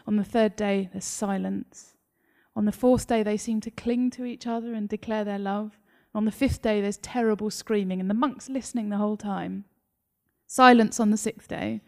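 An English woman author, speaking in an animated interview conversation and often breaking into laughter as she tells stories. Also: medium pitch, gravelly. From England. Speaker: author guest. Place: library talk.

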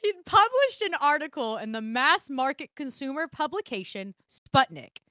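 A woman co-hosting a casual podcast, her fairly high voice bright and bouncing all over the place. She laughs often and trips over words as she reads her notes. The sound is dry and close. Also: very animated, moderate pace, no echo. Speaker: podcast co-host. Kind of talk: casual chat.

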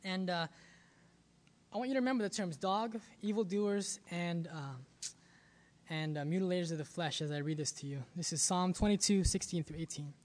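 A man's voice: sits high, normal speed. A man preaching a sermon as a pastor, earnest and often repeating words as he searches for the next thought.

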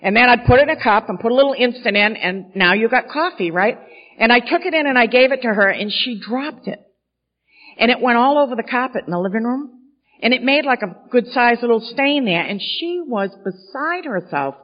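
A woman's voice: fairly high pitch, animated, fairly quick. A woman from Maine candidly telling a self-mocking personal story at a podium in a large hall. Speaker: speaker sharing recovery story. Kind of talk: storytelling talk at a recovery gathering. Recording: dull sound in a big hall with long echo.

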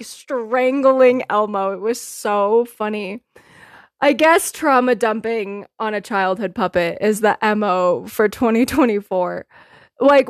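A woman's voice: a little high, dry recording, studio quality. A woman hosting her own podcast in casual solo chat, blunt and opinionated, laughing often and swearing freely. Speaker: podcast host.

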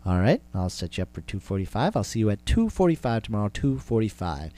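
Curt female vet receptionist, a man putting it on, flat and a touch low. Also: fast.

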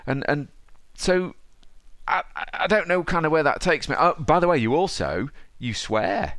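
A man hosting a podcast, enthusiastic and matey, sometimes reading passages aloud slowly. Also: on the high side, animated, a bit bright, dry recording, studio quality. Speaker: podcast host. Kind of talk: casual podcast conversation.

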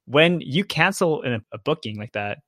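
A man, a podcast host, chatting casually about his own rental, relaxed and conversational. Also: mid-range voice, normal speed, no echo, clean studio sound. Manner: relaxed, conversational, checks in with "right?". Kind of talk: casual chat.

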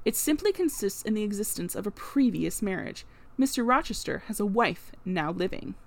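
Composed male solicitor, read by a woman, calm and exact. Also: medium pitch, moderate pace. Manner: calm, distinct and steady. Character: calm precise male lawyer.

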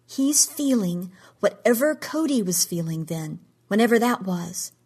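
A woman's voice: medium pitch, lively intonation, unhurried, darkish tone, slightly rough. A woman reading the lines of a frightened, desperate woman whose voice rises with anxiety. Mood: distraught. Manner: pleading, anxious, voice rising.

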